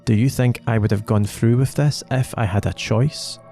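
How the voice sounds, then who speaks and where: Man doing a guilty older mentor, quiet and firm, gravelly low voice. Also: fairly even intonation, normal speed, faint music behind, lightly acted. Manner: quiet, level. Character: ashamed middle-aged male watcher, grave and firm.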